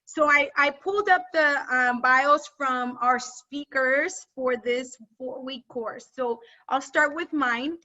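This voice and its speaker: A high, bright woman coach fires up her group with energetic, no-nonsense pep talk. Her voice comes through dull, lo-fi video call audio. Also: slow, few pauses. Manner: energetic, rallying, talks straight to the group. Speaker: side hustle coach.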